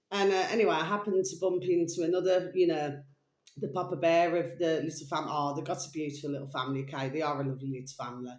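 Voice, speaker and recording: A woman's voice: lowish voice, echoey room. A woman vlogging in a rambling, repetitive monologue with plenty of swearing.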